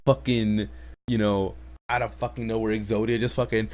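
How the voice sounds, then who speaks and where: A man's voice: on the low side, little pitch movement, brisk, darkish tone. A man hosting a casual anime review, rambling, swearing heavily and laughing in disbelief. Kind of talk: casual chat.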